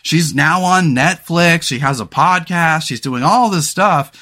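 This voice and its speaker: A man's voice: on the high side, measured pace, pushed and bright. A man hosting a solo podcast in casual talk, rambling and frank, with many fillers and restarts. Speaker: podcast host.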